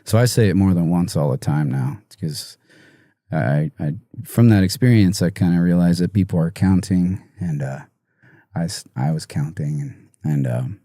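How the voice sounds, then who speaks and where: Low, mellow man, guest in an interview, halting and close to tears, dry sound. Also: no room sound. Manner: halting, soft-spoken, many pauses and restarts. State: emotional, near tears. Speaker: musician guest. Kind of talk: emotional interview storytelling.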